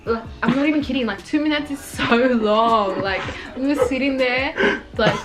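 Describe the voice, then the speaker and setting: A woman's voice: high voice, moderate pace, over loud music, rough recording. A young woman vlogger telling a personal story in a casual sit-down chat. She rambles and fills her talk with "like.". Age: young adult. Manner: chatty and rambling, full of "like".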